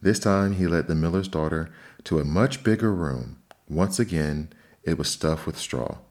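A man narrating fairy tales in a measured, expressive storybook reading. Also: low voice.

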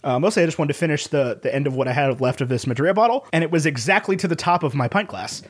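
High-voiced young man, animated podcast host. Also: breathy edge. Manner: quick, animated, laughs often while reading out reviews. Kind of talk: casual movie-review chat.

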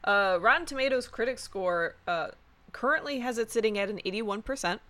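A woman's voice: on the high side, brisk, a bit bright. A woman co-hosting a podcast who talks in a matter-of-fact way and reads out ratings. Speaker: podcast co-host. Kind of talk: casual chat.

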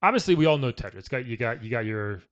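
A man's voice: mid-range voice, lively intonation, fast, no room sound, lo-fi sound. A man hosting a comedy podcast, upbeat and laughing, with many hesitant fillers. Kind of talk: casual comedy podcast chat.

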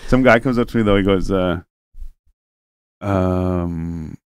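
A man with a low, smooth voice tells a story in casual chat, full of fillers and swearing. He drops into other people's voices to act out their lines. His voice is recorded close and dry. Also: takes it slowly, long pauses, no room sound. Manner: rambling, heavy on fillers and swearing.

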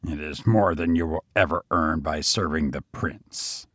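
A man reading aloud and voicing a distrustful male brigand who escapes from a castle, speaking low and hushed. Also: unhurried, no room sound, studio quality, full character voice. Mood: scheming.

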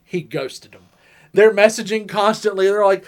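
High-voiced animated male podcast host. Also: normal speed. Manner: animated, acts out quoted voices, laughs often. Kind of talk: casual storytelling chat.

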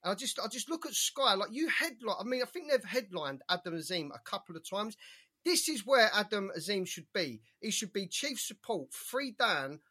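A young man holds forth on boxing in a relaxed podcast chat, high in pitch and bright in tone. There is a husky edge to his voice as he stacks up opinions and reels off lists of fighters. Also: moderate pace. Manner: animated, opinionated, rattles off names. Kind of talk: casual chat.

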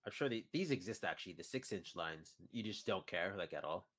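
Low-voiced man chatting on a podcast. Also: animated, fairly quick, fairly bright tone. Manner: rambling, chuckles between points. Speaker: podcast co-host. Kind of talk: casual chat.

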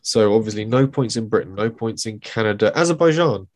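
A man co-hosting a podcast, relaxed and dry in casual chat. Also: fairly low pitch, a little fast. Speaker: podcast co-host.

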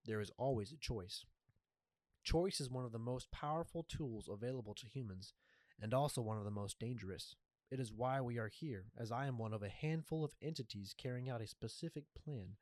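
A man doing a slow, sultry jaguar spirit. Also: medium pitch, no echo, studio quality, natural voice. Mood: solemn. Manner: slow, deliberate and soft-spoken.

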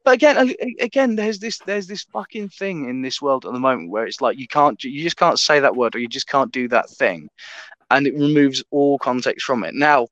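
A man's voice: medium pitch, lively intonation, brisk, fairly bright tone, dry recording, dull audio. A man in casual podcast chat, talking emphatically and swearing freely.

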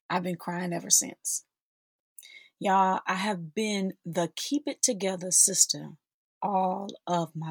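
A woman in her forties tells a personal story to her listeners with slow, heartfelt pacing. Her voice is husky and sits a little low. The recording is dry and close, with no room around it. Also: no echo. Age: 40s. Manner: heartfelt, addresses listeners as sisters and y'all. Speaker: podcast host.

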